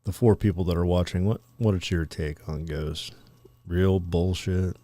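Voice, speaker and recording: A man co-hosting a podcast, telling stories in a loose, animated, profane way and acting out quotes. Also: sits low, moderate pace, dry recording. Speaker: podcast co-host. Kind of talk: casual storytelling chat.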